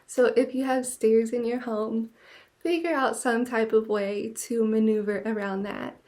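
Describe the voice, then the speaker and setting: A young woman chats on her own podcast in a loose, gushing way, with "like" in nearly every line. Her voice sits a little higher than most women's. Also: steady tone, unhurried, darkish tone. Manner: chatty, many "like" fillers, gushing. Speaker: podcast host. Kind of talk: casual monologue.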